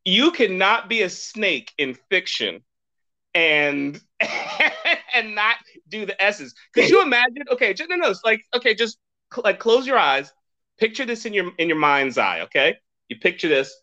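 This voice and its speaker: A man hosting a podcast in casual chat, rambling and excitable and laughing often. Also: high-pitched, a little slow, highs cut off. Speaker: podcast host.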